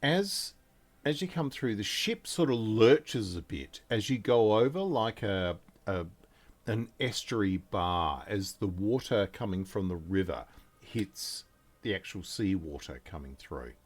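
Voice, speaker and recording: Slow, low-voiced game master. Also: male voice. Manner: relaxed, halting narration with fillers. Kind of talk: narrating a tabletop game.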